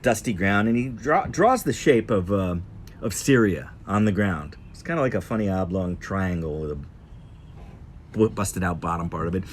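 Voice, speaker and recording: Male host, mid-pitched, spinning a loose, animated travel anecdote; faint background noise. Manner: animated, rambling anecdote told in the present tense. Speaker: host telling a travel story. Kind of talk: casual storytelling.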